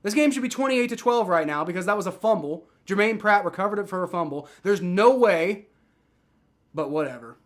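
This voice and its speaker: A young man hosting a live football reaction stream, swearing and shouting in outrage at the referees, then talking casually to his chat. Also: high-pitched, lively intonation, fairly quick. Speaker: livestream football reaction host. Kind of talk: live sports reaction commentary.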